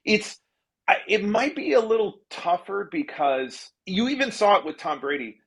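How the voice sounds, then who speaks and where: A man's voice: sits high, sing-song, moderate pace, fairly bright tone. Chatty, laughing comedy writer man. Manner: chatty, self-deprecating, laughs often, frequent restarts. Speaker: comedy television writer and guest. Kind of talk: casual podcast interview.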